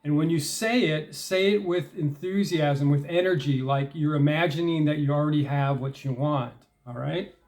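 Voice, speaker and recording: Talkative man coaching listeners, slightly high voice. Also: fairly even intonation, moderate pace. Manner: conversational, many fillers and check-ins like "all right?"; grows emphatic and louder when stressing determination. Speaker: self-help speaker. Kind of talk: casual instructional talk.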